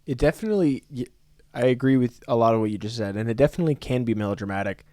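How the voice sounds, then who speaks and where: A man's voice: mid-range voice, expressive, rapid-fire, dark tone, no echo, clean studio sound. A man co-hosting a podcast, engaged and asking his partner follow-up questions about a film. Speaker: podcast co-host. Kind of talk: casual film discussion.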